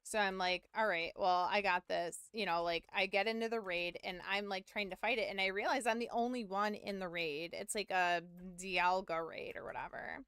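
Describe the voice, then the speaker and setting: Rambling streamer woman, smooth dry voice. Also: medium pitch, steady tone, moderate pace, hardly any pauses, a bit bright, dry recording. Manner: rambling, full of "like", swearing, self-mocking. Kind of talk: casual storytelling to stream chat.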